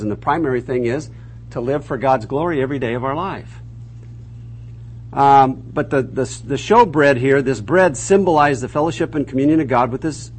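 A man's voice: mid-range voice, a little hiss or hum. A man teaching a conversational Bible lesson, asking the class rhetorical questions and restarting his sentences often.

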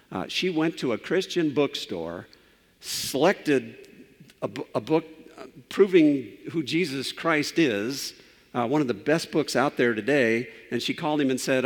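A man's voice: mid-range voice, moderate pace. Earnest pastor man in a reverberant church. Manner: earnest, trailing off softly in prayer. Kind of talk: sermon closing and prayer. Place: church sanctuary.

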